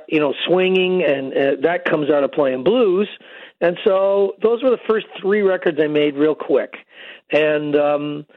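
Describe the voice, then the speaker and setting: A man's voice: a little high, dry recording. An older man, a guest musician, telling long rambling stories with many fillers in a casual phone interview. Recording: tinny phone line.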